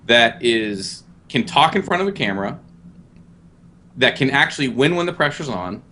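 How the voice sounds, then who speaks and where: A man with a bright, forceful voice banters on a casual gaming podcast. He is brash and profane and always ready to needle his co-host. His pitch sits in the middle of the male range. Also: slight background noise. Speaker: guest co-host.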